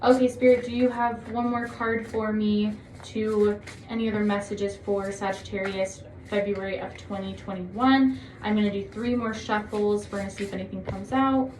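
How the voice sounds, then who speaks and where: A woman giving a casual tarot reading to her viewers, chatty and encouraging, often gushing with excitement. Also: mid-range voice, a little hiss or hum. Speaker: tarot reader. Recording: echoey room.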